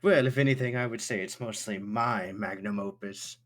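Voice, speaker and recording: A man's voice: fairly low pitch, moderate pace, lightly acted. A man voicing a scheming male scientist over a call in a tabletop game, gloating and self-satisfied. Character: scheming male scientist who made a clone.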